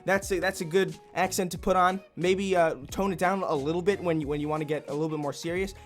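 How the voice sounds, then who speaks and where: Man, slightly high voice, deadpan mock-tutorial host who rambles and restarts, faint music under him. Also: fast talker. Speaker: comedy YouTuber parody host. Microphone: desk mic in home setup.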